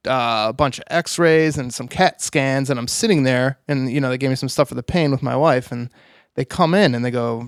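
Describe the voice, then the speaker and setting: Smooth-voiced man telling his story. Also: mid-range voice, normal speed, dry recording, clean studio sound. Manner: earnest, rambling, heavy use of "you know" and "like". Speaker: interview guest, author. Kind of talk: telling a personal story in conversation.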